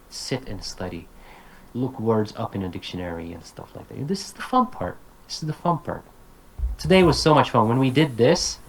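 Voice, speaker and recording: A man with a Turkish accent lectures to teachers in an animated, conversational way. He sits at a middle pitch and keeps breaking into demonstrations of how phrases rise and fall. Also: low-quality recording. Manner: animated, acts out student speech and intonation. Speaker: lecturer giving a talk to teachers. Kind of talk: lively conference talk.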